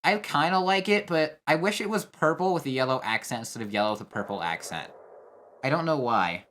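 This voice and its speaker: A man's voice: on the high side, lively intonation, fairly quick, fairly bright tone, a little hiss or hum. A young man talking casually over a game trailer, thinking aloud with fillers and restarts. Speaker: competitive player reacting to a trailer. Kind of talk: casual video commentary.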